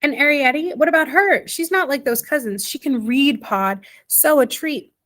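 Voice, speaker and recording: A woman's voice: high-pitched, normal speed, a bit bright, pitched above the performer's own voice. A woman reading the part of a small, anxious mother who frets and pleads in worried questions. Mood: urgent. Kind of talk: audiobook character reading.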